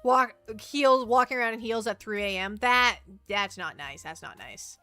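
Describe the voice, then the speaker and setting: A woman streaming as a VTuber, chatting casually in a rambling, animated way and reacting to her chat. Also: on the high side, moderate pace, no echo, soft background music. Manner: rambling, animated storytelling, reads chat aloud.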